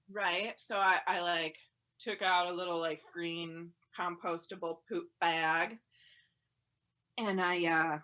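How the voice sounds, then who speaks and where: A woman doing stand-up from home over a video call, rambling and chatty with lots of "like", breaking into loud yelled quotes. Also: fairly low pitch, slow pace. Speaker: stand-up comedian.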